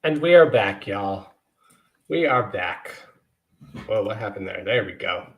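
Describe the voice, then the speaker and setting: A man's voice: fairly low pitch, expressive, unhurried, a bit bright. A man hosting his podcast, speaking earnestly and emotionally to his listeners, often repeating "y'all". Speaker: podcast host. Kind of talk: heartfelt podcast monologue.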